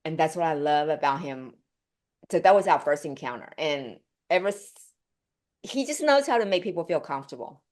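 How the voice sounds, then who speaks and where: Female actress, interview guest, animated and chatty storyteller who acts out quotes. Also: moderate pace. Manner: animated storyteller, laughing, acting out quotes with pitch leaps; chatty, many fillers and restarts.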